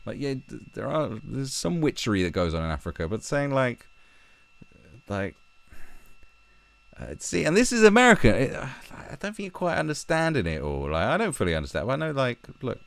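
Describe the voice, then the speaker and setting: A man's voice: mid-range voice, big pitch swings, a little fast, vocal fry, fairly bright tone. A man vlogging his reactions to an article in a casual way, sarcastic, profane and prone to rambling.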